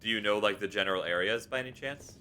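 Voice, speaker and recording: Bright-voiced young male streamer, chatty. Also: fairly low pitch, fast, a little hiss or hum. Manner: chatty, reads chat aloud, encouraging. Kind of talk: casual live-stream chat while gaming.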